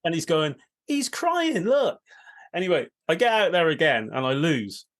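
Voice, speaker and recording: Lively higher-voiced man. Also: fairly quick. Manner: lively, laughing anecdote teller. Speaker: interviewer, host. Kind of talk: casual conversational storytelling.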